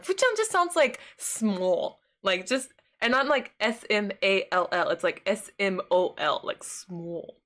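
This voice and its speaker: A woman's voice: mid-range voice, very animated, unhurried, hardly any pauses, a bit bright. A woman livestreaming from home, casually chatting and answering viewer messages, laughing often.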